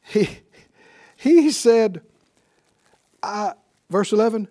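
A man teaching a Bible class, telling the story in an animated way and chuckling often. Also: high-pitched, extremely slow.

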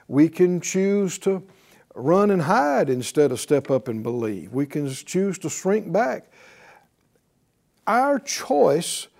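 A man's voice: a little high, darkish tone. A middle-aged man preaching a sermon, teaching with emphatic points and rhetorical questions. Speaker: pastor.

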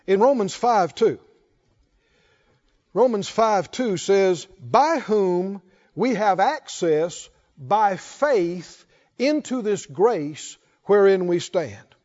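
Slow, emphatic preaching comes from a male pastor with a very high, spirited voice, climbing steadily into fervent calls. The sound quality is dull and lo-fi.

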